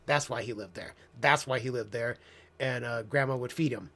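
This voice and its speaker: A man's voice: mid-range voice, moderate pace, sharp tone. A man telling a long personal story in a casual monologue, candid and profane, rambling with sarcastic asides. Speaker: host.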